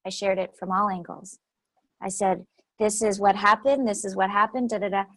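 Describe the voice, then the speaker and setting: A woman's voice: medium pitch, fairly even intonation, moderate pace, fairly bright tone, no room sound, low-quality recording. A woman speaking as an interview guest, telling stories animatedly and repeating phrases for emphasis. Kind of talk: conversational interview storytelling.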